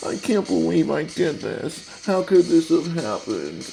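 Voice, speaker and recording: A man's voice: a little high, sing-song, measured pace, gravelly, dark tone, soft background music, voice pushed up, exaggerated voice, low-quality recording. A man mimicking a whiny self-pitying football player. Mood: mock dismay. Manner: mock whining, drawn out.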